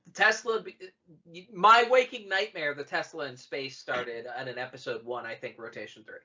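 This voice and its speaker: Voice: mid-range voice, normal speed, bright, forceful tone. A podcast co-host in their thirties chatting casually, rambling, joking and swearing freely. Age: 30s. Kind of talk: casual chat. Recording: dull lo-fi podcast audio.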